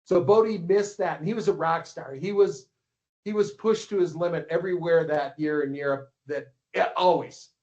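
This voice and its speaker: A man's voice: fairly high pitch, moderate pace, darkish tone. A man in his sixties, a podcast guest and longtime coach, telling stories in a rambling way, repeating words and acting out what others said. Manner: rambling, repeats words, acts out quoted dialogue. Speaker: podcast guest, ski racing coach and publisher. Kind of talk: anecdotal storytelling. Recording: slightly muffled lo-fi podcast audio.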